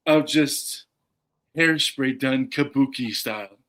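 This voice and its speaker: A man's voice: mid-range voice, takes it slowly, noisy background. A man co-hosting a casual chat, rambling with lots of ums and restarts. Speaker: co-host.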